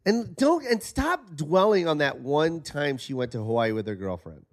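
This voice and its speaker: A man co-hosting a podcast, quick to react and quick to tease. His fairly high voice leaps wildly in pitch as he goes along. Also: big pitch swings. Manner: teasing, reactive listener. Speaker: podcast co-host. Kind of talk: casual chat.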